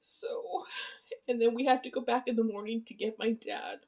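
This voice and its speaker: A middle-aged woman giving a casual personal video update from her home, speaking softly and haltingly with many ums and apologies. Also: a little high, steady tone. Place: at home, indoor living room. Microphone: handheld phone camera.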